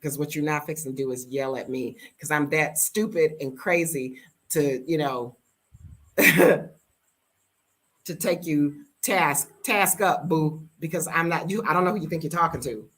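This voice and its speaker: A woman's voice: low-pitched, a little slow, fairly bright tone. An American woman in her fifties telling a story in a blunt, emphatic, casual way, repeating words for stress. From United States. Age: 50s. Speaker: vlogger living abroad.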